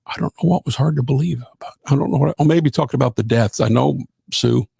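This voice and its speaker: A man's voice: mid-range voice, fast talker, gravelly, dark tone, breathy edge, no room sound. A middle-aged man, hosting a live gospel radio show in a folksy, rambling way with lots of fillers. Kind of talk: casual live-stream chat.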